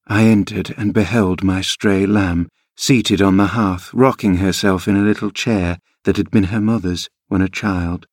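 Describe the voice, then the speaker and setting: Guy reading an old novel aloud, lowish voice, dead dry room. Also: steady tone, no echo. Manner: measured storytelling. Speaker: narrator. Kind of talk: audiobook reading.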